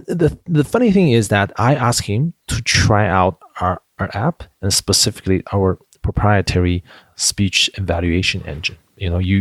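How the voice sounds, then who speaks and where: A man's voice: deep voice, no room sound. A man who founded a company, telling stories in an interview, with lots of fillers and restarts. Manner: animated storyteller, many fillers and restarts. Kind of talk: interview conversation.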